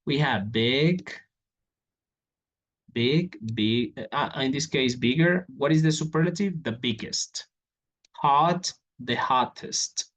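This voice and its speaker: A man with a mid-range, fairly bright voice speaks slowly while teaching an English grammar lesson. He reads out examples, walks through them on a board, and checks in with "okay?" after each step, saying it often.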